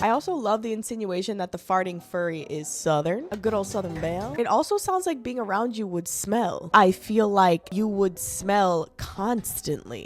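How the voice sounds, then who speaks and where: A young woman in her twenties with a hoarse voice, chatting sarcastically and swearing in a giggly comedic vlog. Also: mid-range voice. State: hoarse from raving. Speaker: vlogger. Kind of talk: casual comedic vlog commentary. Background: soft background music.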